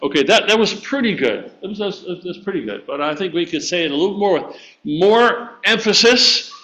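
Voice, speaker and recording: A man's voice: high voice, expressive, moderate pace, pushed and bright. A man teaching a church group a memory verse, encouraging and coaxing them to recite it together. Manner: encouraging, repeats and coaxes listeners to join in. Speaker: church teacher leading children. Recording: dull lo-fi recording.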